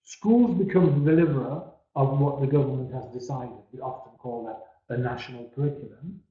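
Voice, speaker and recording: A man's voice: medium pitch, a little fast. A man giving a webinar presentation, stressing key words and letting phrase ends trail off, often repeating words as he restarts. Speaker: webinar speaker. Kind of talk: presentation talk. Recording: echoey, dull-sounding room recording.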